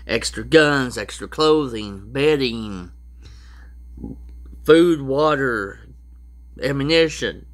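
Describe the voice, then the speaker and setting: A man with a drawl talks slowly through prepper advice in an easygoing, rambling way. His pitch sits in an ordinary middle range, and he keeps stopping to restart or tack on an aside. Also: expressive. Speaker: prepper vlogger. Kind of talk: casual rambling how-to talk.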